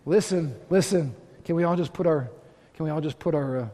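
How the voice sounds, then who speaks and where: A man preaching a sermon as pastor, impassioned and rising to loud exhortation. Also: fairly high pitch, a little fast. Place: church sanctuary. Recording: long hall reverb.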